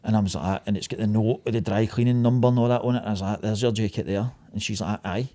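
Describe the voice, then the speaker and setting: A Scottish man hosting a podcast, telling stories in a sweary, animated way. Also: lowish voice, very fast. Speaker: podcast host and business owner. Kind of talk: casual podcast chat. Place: podcast studio.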